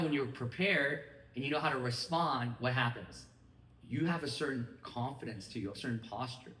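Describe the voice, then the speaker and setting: A man giving an energetic motivational training talk to a live group, often checking that his listeners follow him. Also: medium pitch, a little hiss or hum. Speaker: business mindset trainer. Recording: echoey room, mic at a distance.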